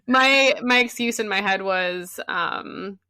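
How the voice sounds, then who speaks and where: A woman's voice: medium pitch, slow, bright, forceful tone, dry recording, studio quality. A woman hosting a podcast, chatting casually with frequent giggles. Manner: giggly, conversational. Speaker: podcast host. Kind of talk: casual chat.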